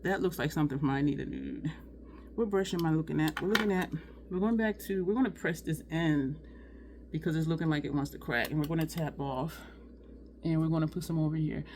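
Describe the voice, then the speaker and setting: A woman with a slightly low voice chats her way through a makeup tutorial, sweating and talking to her viewers as "y'all". Faint room noise sits under the recording. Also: brisk, darkish tone. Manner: chatty, addresses viewers as y'all. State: sweating, overheated. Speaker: beauty vlogger. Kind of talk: casual makeup tutorial chat.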